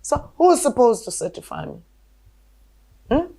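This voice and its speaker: A woman's voice: high-pitched, big pitch swings, measured pace, gravelly, warm tone. A woman, an alternative health practitioner telling a story in a talk show. She speaks emphatically and insistently, often repeating words as she goes. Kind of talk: conversational storytelling.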